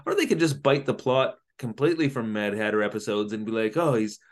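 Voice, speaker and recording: A man's voice: lowish voice, fast. Jokey man recapping an episode. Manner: animated storytelling, jokey. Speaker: podcast co-host. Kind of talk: casual comedic recap chat.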